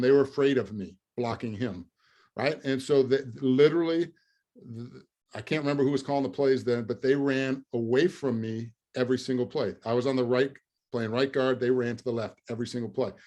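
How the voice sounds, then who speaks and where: Guesting on an interview, an ex–pro football lineman in his fifties spins lively tales, chuckling at his own punchlines and leaning on plenty of ums and uhs. He speaks at an ordinary mid pitch for a man.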